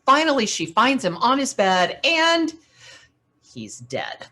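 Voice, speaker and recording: Animated woman telling a story on stage. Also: on the high side, slow. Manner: animated storyteller with lively dramatic swings. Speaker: keynote speaker. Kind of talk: storytelling talk to business owners.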